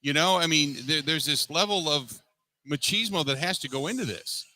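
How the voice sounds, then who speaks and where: Sports radio host guy, sharp bright voice, keeps repeating and restarting, fired up. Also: a little high, animated, normal speed, dry recording, poor audio. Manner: emphatic, repeats himself, restarts often. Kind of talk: post-game call-in show.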